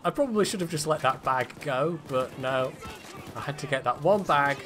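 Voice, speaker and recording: Animated man streaming a game. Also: fairly high pitch, moderate pace. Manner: chatty, swears, laughs often. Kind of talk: live gameplay commentary. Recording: noisy game audio behind.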